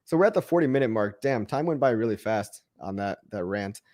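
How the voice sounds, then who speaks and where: A man's voice: fairly low pitch, animated, fairly quick, darkish tone. A man hosting a livestream and answering chat questions in a casual, upbeat pep talk that rambles and restarts words. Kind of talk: casual motivational rant.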